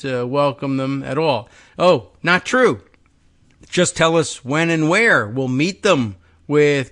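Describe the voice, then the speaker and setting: A man's voice: a little high, fairly bright tone. A man hosting a political talk podcast, chatting sardonically with frequent fillers. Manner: sardonic, conversational, with many fillers. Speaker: podcast host. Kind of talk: political talk show chat.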